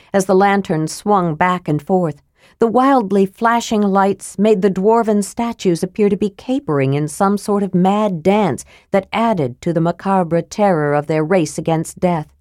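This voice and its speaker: A woman narrating a fantasy audiobook in a steady, measured storytelling manner. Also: mid-range voice, dry recording, studio quality.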